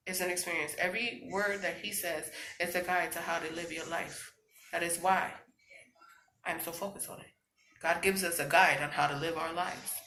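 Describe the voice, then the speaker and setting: A woman talks to her viewers in a casual, earnest way, encouraging them and leaning on her faith. Her voice has a gravelly edge and a bright tone, and she fills her talk with you-knows and y'alls. The room sounds echoey. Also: fairly low pitch, a little hiss or hum. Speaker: vlogger. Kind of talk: casual motivational talk to camera.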